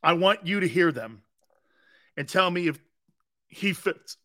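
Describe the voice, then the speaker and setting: A sports talk show host with a voice that sits high takes his time, never rushing. He spars playfully with the live chat, sarcastic and teasing, laughing frequently. He's lively and animated, though he often repeats words and begins sentences again.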